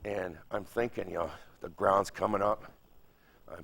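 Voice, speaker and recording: A man's voice: low voice, steady tone, moderate pace, vocal fry, a bit bright. A man in his seventies from Michigan, recalling his experiences as a veteran in an oral history interview, telling it vividly with repeated phrases and sound effects. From Michigan, United States. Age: 70s. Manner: vivid, emphatic storytelling with repetition and sound effects.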